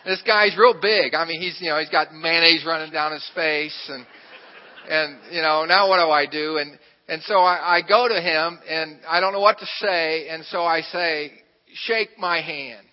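A man's voice: on the high side, fairly even intonation, normal speed. A man preaching a sermon, telling a personal story in a conversational, self-deprecating way, with asides to the congregation. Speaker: pastor. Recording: reverberant, muffled hall recording.

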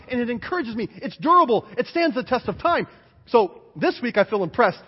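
A man preaching a sermon as pastor, animated and emphatic, driving points home with repeated lists. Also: high-pitched, quick pace, slightly rough. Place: church sanctuary. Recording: dull, hall-reverberant church recording.

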